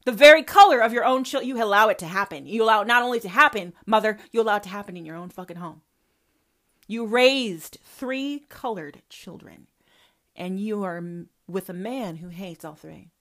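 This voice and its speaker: A woman's voice: mid-range voice, moderate pace, a bit bright. A woman hosting a personal podcast, talking straight to her mother in a profane, confrontational and emphatic way. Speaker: podcast host.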